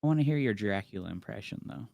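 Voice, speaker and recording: A man's voice: on the low side, expressive, quick pace, vocal fry, a little mellow, no echo. A man co-hosting a casual chat, teasing the others and laughing a lot. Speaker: co-host. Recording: noisy line with clicks.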